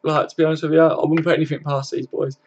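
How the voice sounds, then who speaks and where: Gravelly man hosting a late-night fan stream. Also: a little high, flat delivery, quick pace, highs cut off. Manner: laid-back, swears freely, chuckles often. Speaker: football fan live-stream host. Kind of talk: casual live-stream chat, reading comments aloud.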